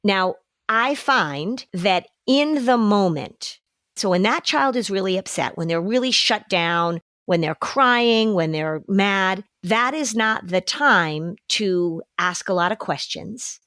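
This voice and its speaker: A woman hosting a casual podcast chat, advising parents and lively acting out parent and child lines. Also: mid-range voice, slow pace, no echo, studio quality. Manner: animated, acts out parent and child voices in quotes. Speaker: podcast host and anxiety expert advising parents.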